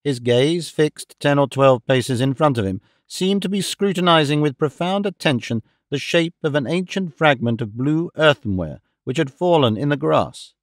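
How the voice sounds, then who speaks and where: A man's voice: fairly high pitch, animated, moderate pace, few pauses, dry recording. Male audiobook narrator, dry close sound. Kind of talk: scripted narration of a classic novel.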